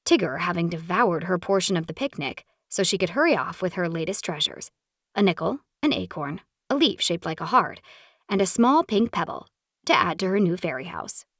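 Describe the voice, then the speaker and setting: A woman narrating a romance audiobook in an expressive, animated storytelling style, recorded in a booth. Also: fairly low pitch, moderate pace, no room sound, studio quality.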